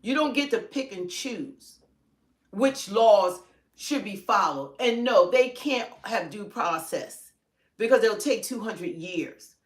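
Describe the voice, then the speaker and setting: Brief: female livestream commentator, forceful and opinionated, echoey room sound. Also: mid-range voice, expressive, takes it slowly. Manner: emphatic, fires rhetorical questions. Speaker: livestream co-host. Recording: roomy echo.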